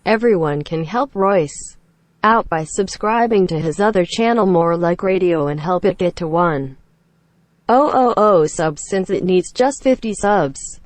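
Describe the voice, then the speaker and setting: A woman reading out viewer chat messages in an even, flat delivery. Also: lowish voice, a little slow, no echo.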